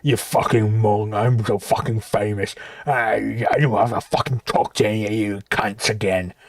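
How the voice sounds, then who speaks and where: Guy doing a sneery arrogant jerk voice, low and dragged out, swearing at everyone. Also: steady tone, no echo, clean studio sound, lightly acted. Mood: sneering. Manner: profane, growled contempt, slowed and drawn out. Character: arrogant sneering man mocking his audience.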